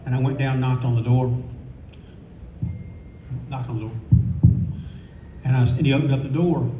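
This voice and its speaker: Older male panelist, rambling raconteur, warm low-key tone, faint room hum behind. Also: steady tone, moderate pace, distant mic. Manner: rambling, candid, swears freely. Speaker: convention panelist. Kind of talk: casual anecdotal storytelling. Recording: echoey room recording from afar.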